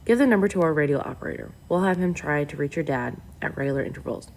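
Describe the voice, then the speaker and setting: A woman with a low, gravelly voice voicing a calm, decisive uncle giving instructions in a storybook reading. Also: quick pace, slight background noise. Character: uncle and expedition leader, steady man.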